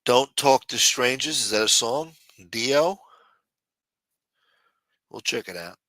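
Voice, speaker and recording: A man's voice: mid-range voice, lively intonation, slow, sharp tone, dry recording. A man hosting a late-night livestream, chatting loosely and profanely while answering viewers in the chat. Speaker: livestream host.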